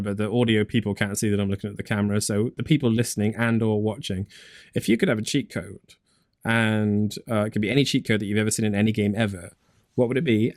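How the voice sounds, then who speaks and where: A man's voice: on the low side, no room sound. Rambling English man, dry close sound. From England. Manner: rambling, lots of "like" and restarts. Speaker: podcast host. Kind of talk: casual chat.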